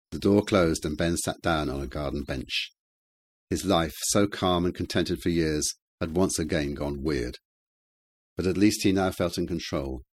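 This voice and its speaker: A man reading an audiobook in a measured, even storytelling manner. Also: deep voice, husky, no echo. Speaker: audiobook narrator. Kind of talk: scripted narration.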